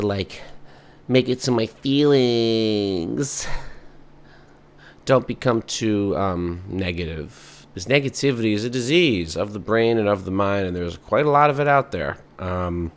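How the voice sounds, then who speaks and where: A man hosting a podcast in a rambling, sardonic comic monologue full of fillers. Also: on the low side. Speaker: podcast host.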